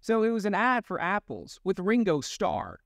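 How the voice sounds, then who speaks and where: A man's voice: high voice, normal speed, gravelly, no room sound. A young man and voice actor, co-hosting a casual comedic chat, rambling through stories and laughing often. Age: young adult. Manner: animated, laughing, rambling storyteller. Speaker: podcast co-host and voice actor.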